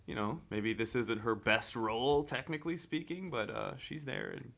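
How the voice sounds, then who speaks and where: A man's voice: medium pitch, moderate pace, vocal fry, fairly bright tone. A man co-hosting a podcast, trading playful banter in casual chat. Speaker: podcast co-host.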